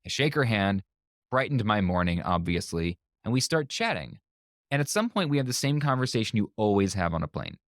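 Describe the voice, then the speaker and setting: Guy with a lowish voice spinning an animated story on a podcast, dry close mic. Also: fairly quick, no room sound. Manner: lively storyteller who acts out quoted voices. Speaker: guest, magician and speaker.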